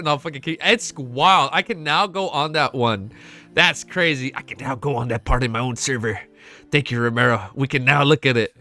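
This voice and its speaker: A young man live-streaming a reaction, reading a novel aloud and chatting excitedly, swearing a lot, with a stuffy nose and close to tears. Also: mid-range voice, normal speed.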